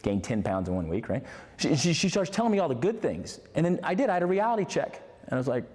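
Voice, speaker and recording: A man hosting a motivational talk, animated and emphatic, repeating key words for stress. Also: fairly high pitch, fast. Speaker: motivational host. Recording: long hall reverb.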